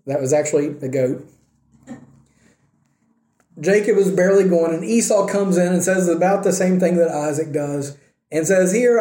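Retelling a Bible story with dry humor and voices for the characters, a man teaches in an easygoing way. His voice is high and mellow, and the room gives off a noticeable echo.

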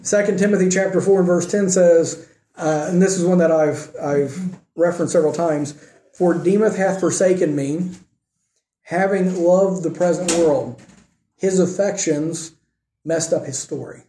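A man preaching a sermon with earnest emphasis, swinging between raised emphatic points and quiet, soft asides. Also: high-pitched, a little slow, roomy sound. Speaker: pastor.

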